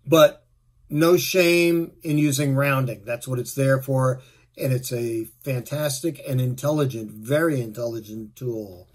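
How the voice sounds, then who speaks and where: A middle-aged man, a musician, giving relaxed, rambling tips on playing his instrument. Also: mid-range voice, measured pace. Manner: relaxed, rambling, with fillers and asides. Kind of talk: casual spoken tip video.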